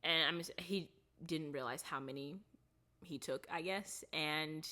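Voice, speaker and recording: Chatty woman with a bright, lower voice. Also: unhurried. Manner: chatty, rambling, many fillers and restarts; softens and lowers voice on sad parts. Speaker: vlogger recapping a TV series. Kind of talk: casual chat recap.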